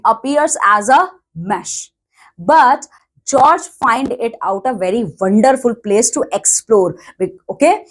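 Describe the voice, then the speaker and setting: A woman with an Indian English accent teaching an English lesson, reading a textbook story aloud and then explaining each line in simpler words with many "okay"s. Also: a little high. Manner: reads a line then paraphrases it, with frequent "okay"s.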